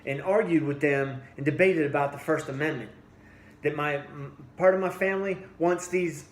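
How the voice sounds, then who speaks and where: Blunt man ranting in an echoey room. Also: on the high side. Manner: blunt, repeats himself, restarts sentences. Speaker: fitness vlogger. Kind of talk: heated opinion rant. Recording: echoey room with faint ambience.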